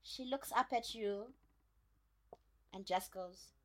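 A woman narrating a tabletop game as game master, chatty and animated with lots of fillers. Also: mid-range voice, takes it slowly.

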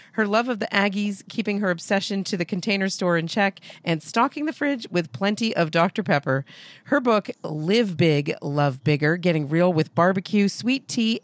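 Gravelly-voiced New England podcast host. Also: female voice, fairly low pitch, no echo. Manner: enthusiastic, laughs often. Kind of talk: podcast interview.

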